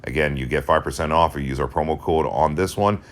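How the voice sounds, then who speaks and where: Very deep-voiced gushing toy reviewer man. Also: fast talker. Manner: gushing, enthusiastic, addresses viewers directly. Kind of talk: casual toy review voice-over.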